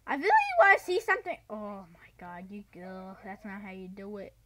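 A woman hosting a gaming channel, giving excitable gameplay commentary that breaks into yells and shrieks and is full of "dude". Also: mid-range voice, brisk.

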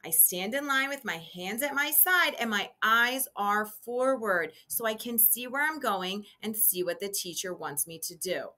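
A woman teacher speaking slowly and clearly to young children in an instructional video, with a sing-song classroom manner. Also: a little high, animated, bright, forceful tone. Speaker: kindergarten teacher.

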